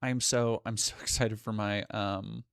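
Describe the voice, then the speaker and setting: A man's voice: fairly low pitch, fairly even intonation, normal speed, gravelly, a bit bright, clear, resonant tone, no room sound, studio quality. A man live streaming, chatting with his viewers in a rambling way, cutting himself off and swearing now and then. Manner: rambling, self-interrupting, swears casually. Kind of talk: casual live-stream chat.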